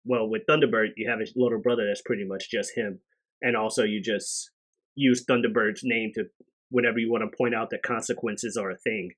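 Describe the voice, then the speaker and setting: A man on a casual podcast, telling a story with energy and loudly acting out the characters' lines. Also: lowish voice, steady tone, brisk. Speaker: podcast co-host. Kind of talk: casual chat.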